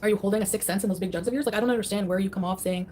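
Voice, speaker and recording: Fast-talking dismissive woman livestreamer. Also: medium pitch, background noise. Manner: dismissive, scoffing. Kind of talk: casual livestream chat.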